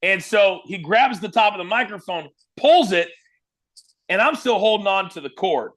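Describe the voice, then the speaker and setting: A man from Kansas, a former wrestling broadcaster, telling animated stories as an interview guest. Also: sits high, moderate pace. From Kansas, USA. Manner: lively, animated storyteller. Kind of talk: storytelling interview.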